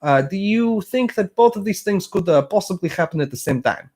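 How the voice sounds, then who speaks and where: Fields: a man voicing a halting middle-aged congressman, raised pitch. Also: animated, mellow. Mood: probing. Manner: halting, full of filler "uh"s. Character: middle-aged male congressman, earnest questioner.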